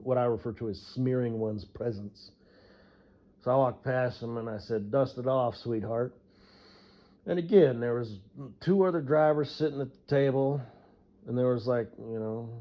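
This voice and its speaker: A man in the middle of his usual pitch range rants loosely about a coworker, cursing freely and chuckling to himself between thoughts. His talk wanders and doubles back. The recording sounds muffled and lo-fi. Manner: profane, rambling, mutters and laughs to himself. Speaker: truck driver. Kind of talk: casual ranting monologue. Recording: dull lo-fi recording.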